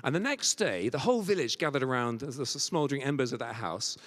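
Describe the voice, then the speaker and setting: A man preaching a sermon and telling stories, sometimes dropping to a soft near-whisper for quoted words. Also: medium pitch, lively intonation, fast talker. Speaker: guest preacher. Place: large church. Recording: church hall reverb.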